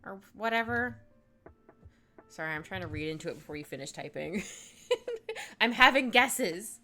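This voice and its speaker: A woman's voice: medium pitch, animated, moderate pace, sharp tone, soft background music. A woman chatting casually on a live stream while she draws, reading chat aloud, laughing often and trailing off mid-thought.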